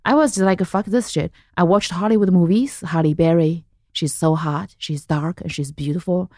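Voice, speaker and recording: A comedian in her thirties with a Chinese accent, speaking a little low. She tells animated stories in casual podcast talk and acts out what other people said. The recording is close and dry. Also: normal speed, no room sound. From central China. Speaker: guest comedian.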